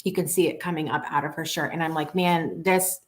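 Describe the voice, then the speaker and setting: A woman's voice: deep voice, steady tone, fast. A woman hosting a morning talk show, telling personal stories in an earnest way, with many restarts.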